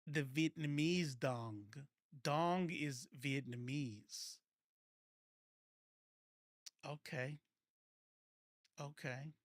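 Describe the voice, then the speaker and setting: A man's voice: a little high, extremely slow, long pauses, no echo, studio quality. A man hosting a casual political commentary livestream, rambling and self-correcting, laughing often and swearing freely.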